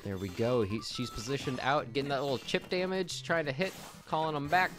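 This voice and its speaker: A man giving casual, excitable color commentary on a fighting game match. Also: medium pitch, brisk, music in the background. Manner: excitable, lots of oohs. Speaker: esports commentator.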